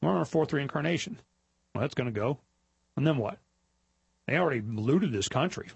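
A middle-aged man hosting a talk show, telling stories in a rambling, animated way and mimicking other people in high mocking voices. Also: brisk, gravelly, slightly rough, muffled recording. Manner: rambling, with repetitions and restarts. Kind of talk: casual monologue.

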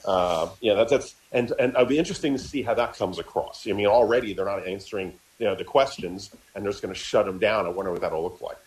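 A man's voice: on the low side, quick pace, few pauses, poor audio. A man co-hosting a political talk radio show, arguing his point in casual talk while stammering and repeating words.

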